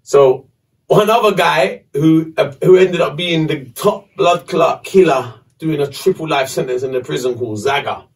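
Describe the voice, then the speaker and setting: Brief: man, podcast host, fairly high voice, animated, foul-mouthed storytelling, distant mic. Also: moderate pace, vocal fry. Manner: animated, swearing, slangy. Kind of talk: casual storytelling.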